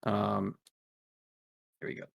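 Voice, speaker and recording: A man narrating as game master in a laid-back way, with many filler words. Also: slow.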